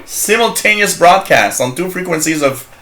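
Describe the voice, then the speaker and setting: A man's voice: sits high, animated, moderate pace, loud music behind the voice. A man from Canada hosting a live shortwave radio show, chatting in a rambling, jokey way, reading out chat messages and laughing often.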